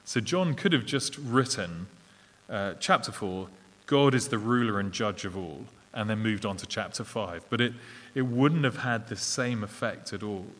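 A man's voice: fairly low pitch, a bit bright. English-accented man preaching in a reverberant hall. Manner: earnest, measured, with fillers and restarts. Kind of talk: sermon. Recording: long reverb of a large hall.

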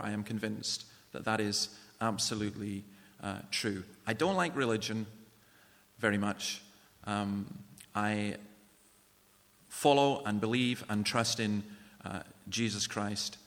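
A man's voice: medium pitch, a bit bright. A man giving an earnest, personal evangelistic talk in a church. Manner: earnest, personal, conversational testimony. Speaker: guest speaker and author. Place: large church. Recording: long church reverb.

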